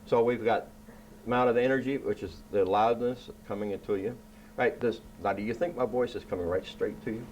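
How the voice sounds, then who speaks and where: A man's voice: lowish voice, fairly even intonation, fairly quick, darkish tone, dull audio, slight background noise. A man hosting a science show, explaining things to children in a casual, playful way and checking in with "right?" again and again. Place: indoor room.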